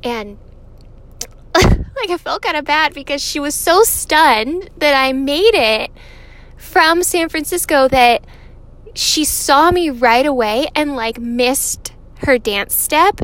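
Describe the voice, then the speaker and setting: A woman's voice: sits high, takes it slowly, a bit bright. A woman in her thirties from California, telling a personal story to viewers in a chatty way, swearing freely and laughing often.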